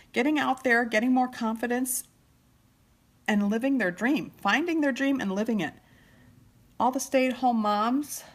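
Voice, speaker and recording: Middle-aged woman, live-stream chat, tearful and heartfelt, average pitch, drops soft at times. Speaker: vlogger doing makeup. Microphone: phone or webcam live stream.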